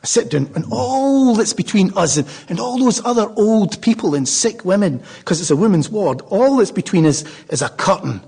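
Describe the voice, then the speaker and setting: Husky older Glaswegian man telling a story. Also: sits high, expressive, moderate pace, few pauses, mellow. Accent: Glaswegian Scottish. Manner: humorous, rambling, chaotic storytelling. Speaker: Buddhist speaker. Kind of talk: storytelling talk to a live audience.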